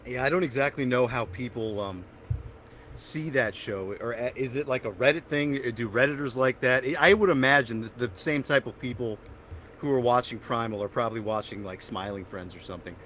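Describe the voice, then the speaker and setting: A young man hosting a casual podcast, telling rambling stories and getting loud and animated when excited. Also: medium pitch, brisk, slight background noise. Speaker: podcast host. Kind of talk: casual chat.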